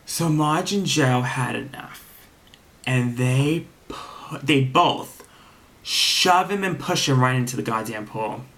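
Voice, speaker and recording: A man casually recapping a reality TV episode, animated and profane, acting out the cast's lines as he retells each scene. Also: medium pitch, slow pace.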